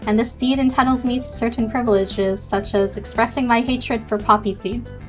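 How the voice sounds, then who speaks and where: A woman voicing a gruff, sardonic female café owner, reading her lines dryly. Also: on the high side, steady tone, normal speed, soft background music, natural voice.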